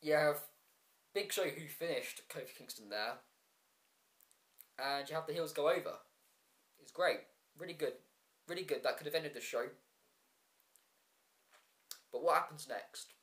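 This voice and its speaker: A man's voice: on the high side, unhurried, long pauses, fairly bright tone. A man giving a casual solo review vlog, frustrated and ranting, with many ums and restarts and sarcastic asides. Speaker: wrestling show reviewer.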